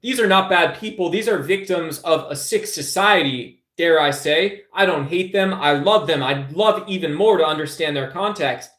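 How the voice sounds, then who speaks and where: A man's voice: on the high side, moderate pace, hardly any pauses, a bit bright. A man hosting a live stream, rambling through a casual political rant to his chat and calling listeners brother. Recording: echoey room.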